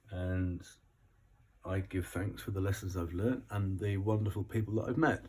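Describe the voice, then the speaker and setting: Croaky British man reading oracle cards. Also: fairly low pitch, mellow. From Britain. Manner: rambling, chuckling between thoughts. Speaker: oracle card reader. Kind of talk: casual spoken card reading.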